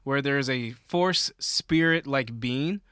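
A man with a smooth, clean voice talks in a slow, explaining way, padding his thoughts with ums and uhs. The sound is close and dry, with no room around it. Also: medium pitch, fairly bright tone, no echo. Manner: unhurried, filler-heavy, explains at length. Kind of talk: casual fan discussion.

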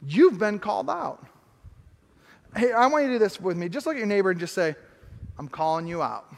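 A man preaching a sermon as pastor, emphatic, repeating key phrases and slowing down to stress them. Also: high voice, expressive, gravelly, long reverb tail.

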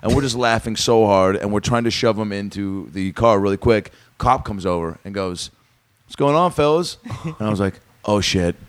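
A man's voice: lowish voice, steady tone, normal speed, few pauses, no room sound. A man on a comedy podcast, telling a rambling story and acting out the voices of the people in it. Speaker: comedian guest.

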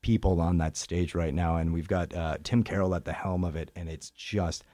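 Canadian guy, stage actor being interviewed, lowish voice, jokey and animated. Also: normal speed, no echo. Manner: animated, playful, self-deprecating humor. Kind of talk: interview chat.

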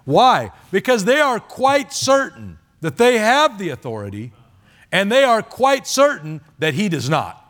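A man preaching in a church, spinning anecdotes in a loose, conversational way. His voice sits a bit high and moves all over the place, rising and falling with the story. He stumbles and repeats words as he goes, like a casual storyteller at the pulpit. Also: measured pace. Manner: animated, chatty storytelling with many fillers and quoted voices. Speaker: missionary preacher. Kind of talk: sermon with storytelling. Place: church sanctuary.

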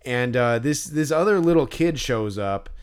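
A man's voice: mid-range voice, animated, normal speed, clear, resonant tone. Rambling, swearing male podcast co-host. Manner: rambling storyteller, many fillers and restarts, swears freely. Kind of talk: casual chat.

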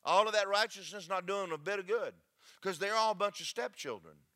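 Man, pastor, sermon, bright voice, emphatic. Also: high-pitched, animated, fairly quick. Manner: emphatic, preachy, swings loud and soft.

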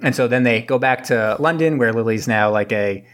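Male podcast host, casual rambling plot recap, mid pitch, playful character voices. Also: a bit bright. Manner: rambling, acts out characters in quick funny voices. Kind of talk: casual movie recap chat.

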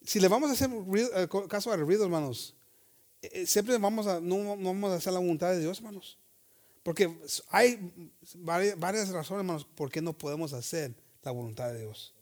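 Bilingual pastor, high-pitched man, code-switching sermon, reads scripture slowly. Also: a little mellow. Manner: switches between English and Spanish, often calls out "hermanos".

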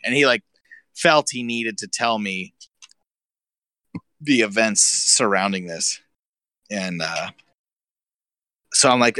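A man's voice: fairly low pitch, expressive, moderate pace, long pauses, pushed and bright, no echo. A man co-hosting a podcast, telling crude, swear-laden stories in casual chat and laughing often. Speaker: podcast co-host.

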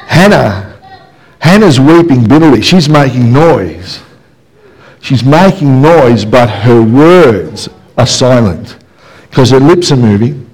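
A man's voice: mid-range voice, expressive, slow, darkish tone, husky, low-quality recording. A man preaching a passionate, emphatic sermon in church, full of rhetorical questions. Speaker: pastor. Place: church service, also streamed.

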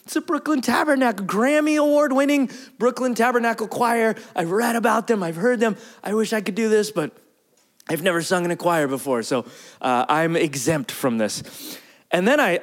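A man preaching, telling a personal story in a lively, animated way and acting out the quotes. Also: fairly high pitch, moderate pace. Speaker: pastor. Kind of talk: storytelling sermon.

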